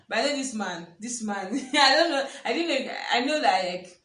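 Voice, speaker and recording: A young woman telling a personal story in casual chat, animated and laughing often as she acts out what people said. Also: a little high, moderate pace. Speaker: vlogger. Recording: echoey room, a bit far from the mic.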